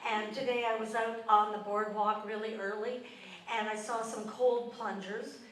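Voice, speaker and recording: Older Canadian comedienne, chatty live stand-up set; distant stage mic with audience noise behind. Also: female voice, medium pitch, level tone, moderate pace. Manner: self-deprecating, conversational with the crowd. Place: theatre stage. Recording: roomy live venue mic, audience ambience.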